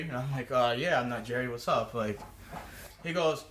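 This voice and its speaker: As a podcast guest, a man tells a rambling, profane story casually, restarting his sentences often. His medium-pitched voice is brisk and fairly bright, and the recording has a roomy echo with slight background noise.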